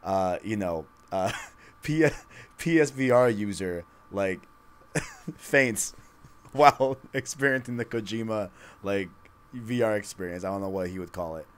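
A man co-hosting a casual gaming podcast, rambling and excitable, filling his talk with "like" and "you know". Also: lowish voice, unhurried. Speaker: podcast co-host. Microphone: studio microphone.

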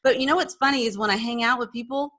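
A woman's voice: fairly high pitch, fast, a bit bright. A woman with a Texan accent hosting a podcast, chatting casually and rambling with restarts. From grew up in Texas. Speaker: podcast host. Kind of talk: casual interview chat.

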